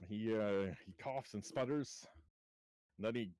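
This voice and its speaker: Male game master, low voice, easygoing narration, dry sound. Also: measured pace, no echo. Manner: relaxed, full of uhs and restarts.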